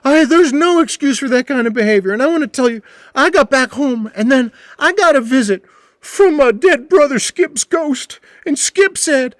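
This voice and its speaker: A man voicing a drunk, remorseful man who pleads and gushes apologies in a strained, high, squeaky voice. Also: expressive, moderate pace, fairly bright tone, dry recording, clean studio sound. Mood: pleading apology. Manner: pleading and overwrought.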